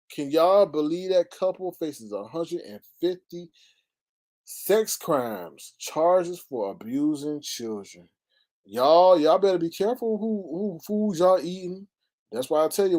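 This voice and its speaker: A man's voice: on the high side, mellow. A man hosting a casual livestream, exclaiming, sighing and greeting his chat viewers. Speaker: livestream host.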